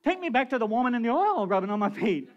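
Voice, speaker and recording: High-voiced pastor preaching a lively sermon. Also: male voice, fast talker, lo-fi sound. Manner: animated, with rhetorical questions and chuckles.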